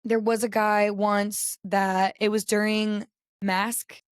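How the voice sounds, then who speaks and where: Raspy young woman on a podcast, dry close sound, spills dating stories all animated. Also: mid-range voice, slow, no room sound. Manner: candid, animated storytelling. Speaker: podcast co-host. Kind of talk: casual chat.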